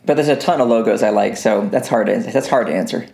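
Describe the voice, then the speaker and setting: A man's voice: lowish voice, quick pace, vocal fry, a little mellow. A man chatting as a podcast guest, rambling and self-deprecating, laughing often. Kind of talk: casual chat. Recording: roomy echo.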